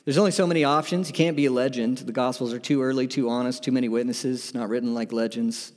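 A pastor preaching a sermon, swinging from loud, emphatic lines to soft, hushed ones. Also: male voice, medium pitch, steady tone, quick pace, few pauses, big-room sound.

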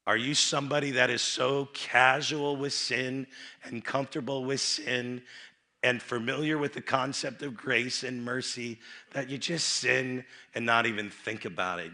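A man preaching a youth rally sermon, dropping into quiet asides and rising to loud emphatic bursts, often repeating and restarting his phrases. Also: mid-range voice, measured pace.

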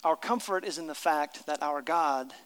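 Middle-aged male pastor, high bright voice, emphatic sermon delivery, long church reverb. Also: normal speed, clean tone. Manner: emphatic, reads story aloud with character voices.

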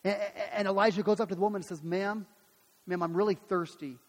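A pastor preaching a sermon and retelling a Bible story, acting out the voices of its people in a lively way. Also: male voice, high voice, brisk, long reverb tail. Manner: animated storytelling, acts out voices.

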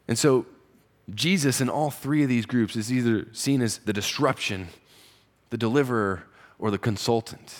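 A man preaching a conversational sermon as pastor, rising in pitch and volume for emphasis. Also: moderate pace.

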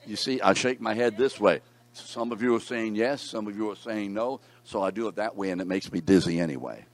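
A man's voice: fairly low pitch, brisk. A man teaching a Bible class, reading scripture aloud and putting questions to his students in a conversational way.

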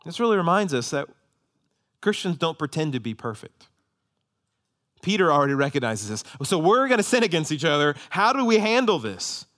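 Pastor preaching a lively story-led sermon. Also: male voice, fairly high pitch, normal speed. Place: church sanctuary.

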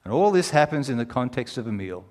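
Animated preacher in a reverberant hall. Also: male voice, medium pitch, quick pace. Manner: animated storytelling, rises to near-shouting when retelling. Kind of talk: sermon.

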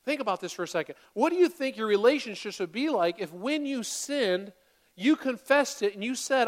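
A man delivers a sermon from the pulpit of a church, his voice sitting high for a man. He moves between plain teaching and animated, louder acted-out apologies as he makes his points. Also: quick pace, long reverb tail. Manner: animated, acts out quoted apologies in a raised voice. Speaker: pastor. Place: church sanctuary.

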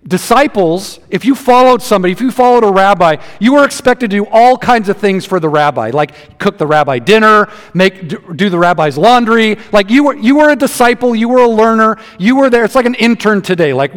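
Male preacher with a high voice, casual and lively, acts out the verses; long room reverb. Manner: conversational, animated, acts out scripture quotes. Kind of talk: sermon.

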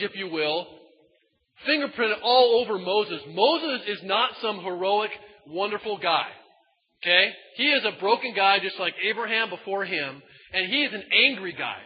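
Animated man preaching in a big hall. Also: sits high, normal speed. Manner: animated, swings between loud emphatic bursts and quiet asides; casual, folksy phrasing. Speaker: pastor. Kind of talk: sermon. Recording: dull sound in a large reverberant hall.

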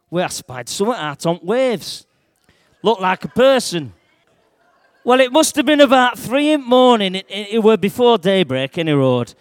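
A man telling a Bible story in the first person to a church audience, in broad dialect and shouting at the dramatic moments. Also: high-pitched, dry recording.

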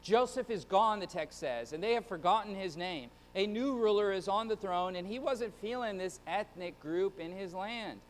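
A man's voice: high voice, normal speed, few pauses, in a large hall, a little hiss or hum. A male pastor preaching an earnest Sunday-morning sermon to his church, often stumbling and repeating words.

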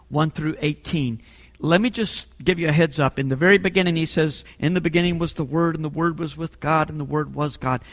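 A man preaching a sermon as a pastor, emphatic and building to forceful peaks, often repeating words as he presses a point. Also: on the high side, long reverb tail. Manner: repeats words when fired up.

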